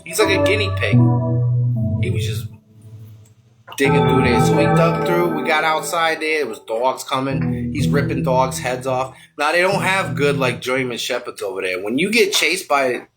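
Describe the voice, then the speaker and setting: A man telling a wild comedic tall tale in rambling, ungrammatical, excitable bursts. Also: medium pitch, moderate pace. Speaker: comic storyteller. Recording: loud music behind. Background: loud music.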